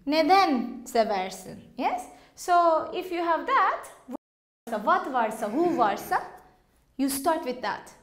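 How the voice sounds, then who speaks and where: A woman teaching an English class, explaining slowly and patiently and quizzing her students. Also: sits high, sing-song, a bit bright. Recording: echoey classroom.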